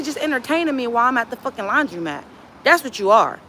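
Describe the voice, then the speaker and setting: Woman from LA going off on her live, cussing nonstop, high tense voice. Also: very animated, quick pace, sharp tone, a little hiss or hum. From Los Angeles. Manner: profane, confrontational trash talk. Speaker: livestream host. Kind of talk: casual livestream rant. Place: laundromat.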